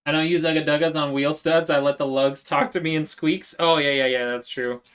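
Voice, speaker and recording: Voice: medium pitch, steady tone, fairly quick, fairly bright tone, clear, resonant tone. A live streamer chatting casually with viewers while working, answering chat as they go.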